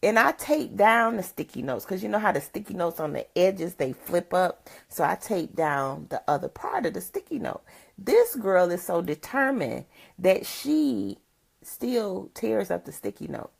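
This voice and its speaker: Speaking a little slowly in a sing-song, medium-pitched voice roughened by morning, an older motivational speaker chats casually on a livestream. She greets viewers by name, talks freely and laughs a lot.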